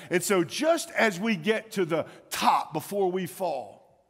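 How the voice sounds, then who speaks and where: A man in his thirties preaching a sermon to his church, telling a family story with animated swings between loud and hushed delivery. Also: high-pitched, a little slow, gravelly. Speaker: pastor. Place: church sanctuary. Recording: church hall with long reverb.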